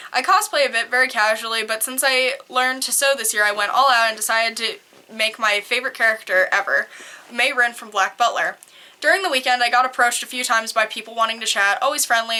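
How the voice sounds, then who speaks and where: A young woman reads posts aloud with an animated, blunt delivery and casual swearing. Her voice is bright and fairly high, with a crisp, forceful edge. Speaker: cosplayer reading posts aloud. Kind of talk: casual read-aloud and reaction.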